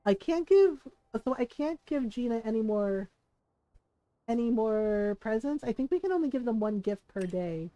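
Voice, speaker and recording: A woman's voice: fairly high pitch, expressive, normal speed, mellow, no echo, dull audio. A middle-aged woman streaming a game, chatting casually in a rambling, self-deprecating way and laughing often.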